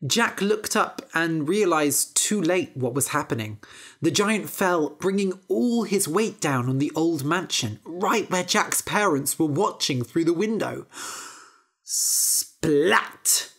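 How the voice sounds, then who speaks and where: Storybook narrator, woman, slow and expressive, low and gravelly. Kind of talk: scripted storybook narration for English learners.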